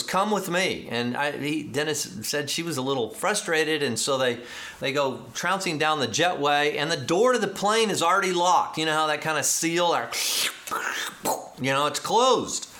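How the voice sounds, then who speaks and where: A man preaching a sermon, telling a story with animated, acted-out dialogue and excited emphasis. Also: medium pitch. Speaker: pastor.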